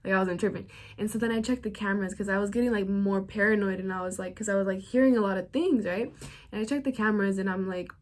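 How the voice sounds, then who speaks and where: A young woman vlogger tells a story to camera, talking fast in a mid-range voice. She's casual and chatty, loading her speech with slang, fillers, and frequent "like."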